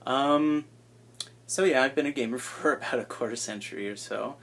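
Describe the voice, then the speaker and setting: A gravelly-voiced man in his twenties rambles casually, with a self-deprecating streak and hushed asides. His pitch sits in the middle range. He is recorded on an iPad held at arm's length. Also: normal speed, a little hiss or hum. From United States. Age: 20s. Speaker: vlogger introducing himself.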